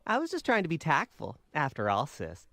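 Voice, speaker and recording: A woman's voice: sits low, huge pitch swings, a little fast, fairly bright tone, no echo, exaggerated voice. A woman voicing a whiny, bratty young boy in a video game.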